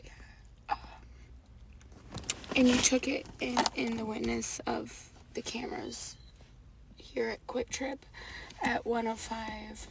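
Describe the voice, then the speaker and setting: A woman's voice: fairly high pitch, flat delivery, takes it slowly, vocal fry, long pauses, noisy background. A woman livestreaming an angry rant, swearing a lot and rambling as she confronts someone.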